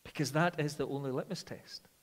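Male preacher, earnest sermon delivery that drops to quiet, slow emphasis; long hall reverb. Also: on the high side. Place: church.

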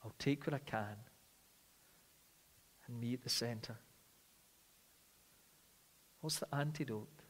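A man preaching a sermon, earnest, moving between emphatic stress and hushed, slow passages. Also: mid-range voice. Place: church. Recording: long reverb of a large hall.

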